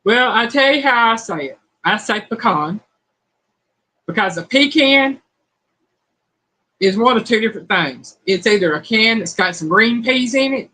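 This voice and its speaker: A middle-aged woman hosts a cooking channel's live-stream chat, reading quiz questions in a folksy, playful way. Her medium-pitched voice is bright and forceful, though the recording is rough.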